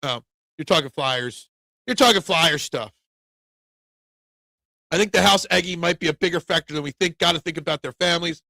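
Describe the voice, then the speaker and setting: A man's voice: on the high side, moderate pace, vocal fry, pauses often, no room sound. A man hosting a casual sports talk show, reading viewer comments and getting opinionated and worked up. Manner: opinionated, gets loud and worked up.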